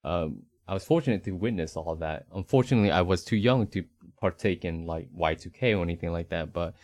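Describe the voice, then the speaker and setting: A man's voice: low-pitched, brisk, darkish tone. A man from the Northeast United States, co-hosting a podcast in a rambling, easygoing chat, with a faint Rhode Island accent. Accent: slight Rhode Island. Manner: rambling, self-correcting, easygoing. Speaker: podcast co-host.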